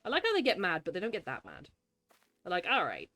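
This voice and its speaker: Lively chatty woman streamer. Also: fairly low pitch, fast talker. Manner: chatty, greets and thanks viewers, talks to game creatures. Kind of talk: live gameplay chat.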